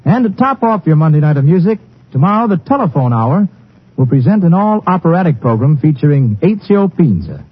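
A man delivering a polished 1950s network radio promo with a lively, somewhat high voice and a slightly husky edge. The sound is a dull, old broadcast. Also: a little fast. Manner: warm, polished announcing.

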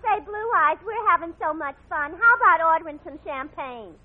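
A brash young woman on a night out, pushy and wisecracking. Her voice sits very high and swoops around. It comes through a thin, hissy old radio broadcast in 1940s comedy style. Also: animated, moderate pace, narrow, tinny audio. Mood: brassy. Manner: brassy, loud and pushy.

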